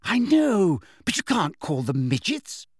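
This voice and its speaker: A man voicing a bossy, flustered teenage schoolgirl in an audiobook, brisk and commanding. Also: high-pitched, wildly swooping pitch, darkish tone, dry recording, clean studio sound, voice pushed up, exaggerated voice. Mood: scolding.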